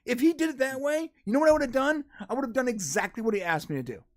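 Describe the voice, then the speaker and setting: A man's voice: very high voice, lively intonation, quick pace, a crowd in the background. A man co-hosting a casual podcast livestream, telling a story and acting out both sides. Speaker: podcast co-host.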